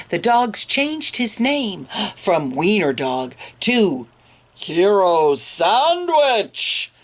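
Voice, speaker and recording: A woman reading a picture book aloud to children, expressive and adding little asides to her listeners. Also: deep voice. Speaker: storytime reader.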